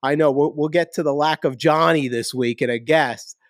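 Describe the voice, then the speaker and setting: A man hosting a podcast in casual, energetic chat, joking and hyping up his co-host. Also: on the high side, normal speed, no room sound, studio quality. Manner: energetic, hype, jokey.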